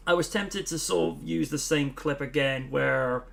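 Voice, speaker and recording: A man hosting a casual live stream, rambling and laughing, often acting out movie lines in loud mock voices. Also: on the high side, steady tone, unhurried, vocal fry, pauses often. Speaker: host.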